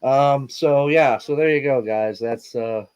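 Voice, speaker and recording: A man's voice: mid-range voice, a little slow, darkish tone, smooth, lo-fi sound. A middle-aged man hosting a casual livestream, rambling and repeating himself with lots of fillers and a laid-back "man" here and there. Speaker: livestream host.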